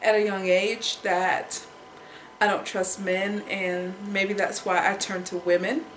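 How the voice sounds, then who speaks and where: A woman's voice: mid-range voice, flat delivery, takes it slowly, a bit bright, a little hiss or hum. Young woman, personal vlog, upset and near tears, repeats herself; roomy echo on the recording. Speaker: vlogger.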